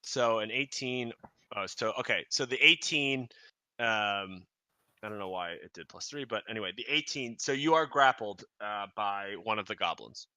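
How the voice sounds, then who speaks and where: A man in the dungeon master's seat, talking through the scene in a loose, rambling way full of fillers and restarts. His voice is very bright and sits close and dry on the mic, with no room around it. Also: lowish voice, animated, moderate pace, clean tone, no echo. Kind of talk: narrating a tabletop game.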